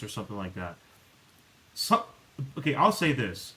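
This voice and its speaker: A man's voice: fairly low pitch, moderate pace, low-quality recording. A man hosting a podcast, chatting casually and rambling with many restarts. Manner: rambling, many restarts and fillers, animated when exasperated. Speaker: podcast host. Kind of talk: casual chat.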